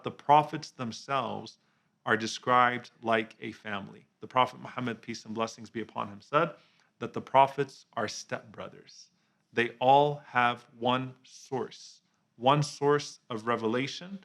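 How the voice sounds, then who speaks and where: A man giving a reflective religious talk as a preacher, earnest and measured, slowing down on key phrases and dropping softly on the honorific blessings. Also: mid-range voice, vocal fry. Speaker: Islamic preacher.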